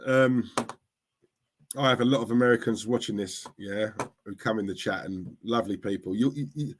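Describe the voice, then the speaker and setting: A man's voice: medium pitch, breathy edge. A man chatting live with his viewers, teasing and talking straight to the chat. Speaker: livestream host. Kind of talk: casual live-stream chat.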